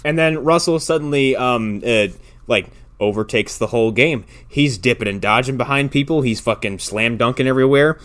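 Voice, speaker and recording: A man's voice: mid-range voice, moderate pace, a bit bright. Profane, rambling man recapping a movie. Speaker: podcast co-host. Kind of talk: casual movie recap chat.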